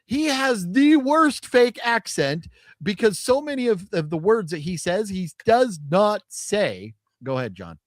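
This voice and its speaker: A man's voice: high voice, big pitch swings, measured pace, no room sound, studio quality. A man co-hosting a podcast, chatting casually about a movie with rambling restarts and laughs. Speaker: podcast co-host. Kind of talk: casual movie review chat.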